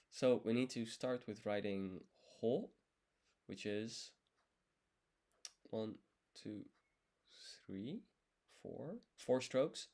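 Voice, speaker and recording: This young language learner streams his study with a lowish, dark-toned voice, drawing out his words and leaving long pauses. He counts strokes aloud while writing and patiently explains every step in a relaxed, think-aloud session.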